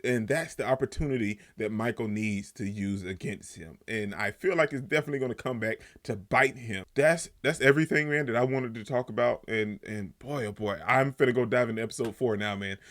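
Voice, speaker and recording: A young man talks through a TV episode in a relaxed, slangy way. His voice sits at an ordinary pitch, and he perks up when he replays the funny moments. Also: a little fast, few pauses. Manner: loose conversational slang, animated when retelling scenes. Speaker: TV show reviewer. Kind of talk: casual video review.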